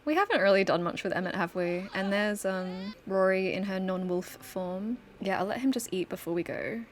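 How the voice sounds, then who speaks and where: Chatty woman narrating her game, casual storytelling, mid pitch, faint hiss. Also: normal speed. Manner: chatty, storytelling, laughs often. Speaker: gaming channel host. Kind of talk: casual gameplay commentary.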